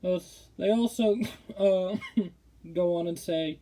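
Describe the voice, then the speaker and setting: A football commentary streamer rants indignantly in a mellow, mid-range voice, taking it slowly. His casual opinion talk is full of stammers and restarted sentences.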